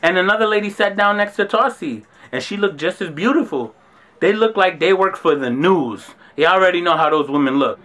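A man in his twenties with a New York accent, telling a story in an animated, slangy and profane way. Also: high voice, a little fast. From Brooklyn, New York. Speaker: vlogger. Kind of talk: casual storytelling.

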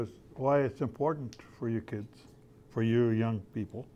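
An older man, an artist talking casually to schoolchildren in a folksy, storytelling way, often repeating his phrases. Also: on the high side. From Canada. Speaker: visiting artist.

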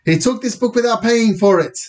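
A man doing a yelling female shop manager. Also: a little high, fairly quick, far from the mic, pitched above the performer's own voice, lightly acted. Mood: furious. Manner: yelling, accusing. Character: furious middle-aged female post office manager.

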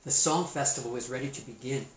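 A man, a teacher, reading a storybook aloud in a playful, expressive way and adding his own comments on the story. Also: mid-range voice, quick pace, slight background noise. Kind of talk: storybook read-aloud with asides. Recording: roomy echo.

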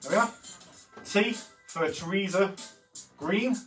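A man in his thirties hosts an art workshop, speaking slowly in a high, slightly bright voice. He loosely walks through his pictures with many fillers and self-corrections, recorded on a slightly distant mic with faint music behind him.

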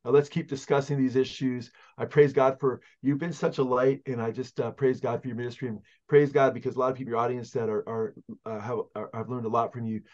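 A pastor from California speaks as a guest, teaching in a fervent, halting way with many fillers. His mid-pitched voice comes through a muffled, lo-fi connection. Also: little pitch movement, darkish tone. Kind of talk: conversational teaching on prophecy.

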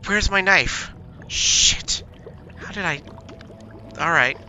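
A man's voice: sits high, takes it slowly, sharp tone, dull audio, slight background noise. A young man hosting a gaming channel, giving jumpy let's-play commentary and talking to himself and to the monsters chasing him.

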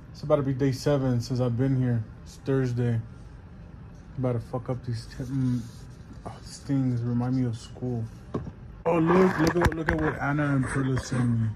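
A man's voice: medium pitch, darkish tone, slight background noise. Weary young man vlogging, sore and lightheaded. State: in pain and lightheaded. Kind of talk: casual vlog talk to camera.

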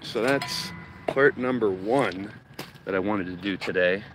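Deep-voiced chatty man outdoors. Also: measured pace, noisy background. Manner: chatty, swears casually, reads chat aloud. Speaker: gardening livestream host. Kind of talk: casual livestream chat. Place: outdoors in a backyard garden.

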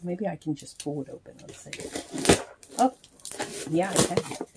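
Slow-talking woman chatting through an unboxing. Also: fairly low pitch, heavy background noise. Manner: chatty, halting, fillers, counts things aloud. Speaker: reborn doll vlogger. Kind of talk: casual unboxing vlog.

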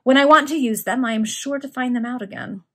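A woman voicing a gruff, growling male villain in an informal read-aloud among friends. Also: high-pitched, brisk, pitched above the performer's own voice. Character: gruff menacing male villain, body-snatcher.

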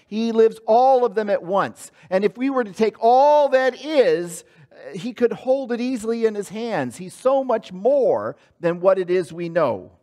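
Animated high-voiced preacher. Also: male voice. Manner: animated preaching with dramatic voice swings, acting out quotes. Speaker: pastor. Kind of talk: sermon. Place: church sanctuary.

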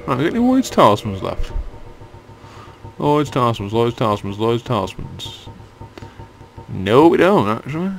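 A man's voice: medium pitch, big pitch swings, normal speed, gravelly, pauses often, faint music behind. A young man giving casual let's-play commentary, grumbling and swearing when the game annoys him. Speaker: gaming channel host.

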